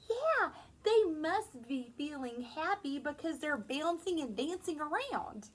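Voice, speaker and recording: A woman teacher reading a picture book to young children in a gentle, sing-song way. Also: high-pitched, big pitch swings, takes it slowly, few pauses, poor audio. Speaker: preschool teacher.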